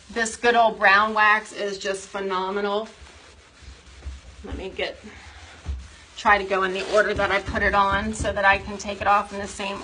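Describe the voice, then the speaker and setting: A woman's voice: mid-range voice, bright, forceful tone, a little hiss or hum, low-quality recording. A woman chatting casually as she shows furniture refinishing step by step, explaining while she works in a workshop. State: out of breath from buffing. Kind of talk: casual how-to demonstration.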